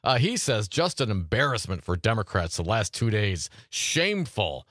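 Lively male talk radio host. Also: on the low side, no room sound, studio quality. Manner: gets loud and fast when fired up. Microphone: studio mic.

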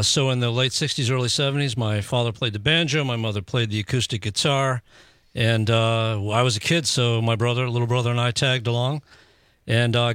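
A man from New York City, a lead guitarist guest, recalling his early years in a measured way in a casual radio interview. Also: medium pitch, a bit bright, clean tone, no echo, studio quality. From New York City, USA. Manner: measured reminiscing.

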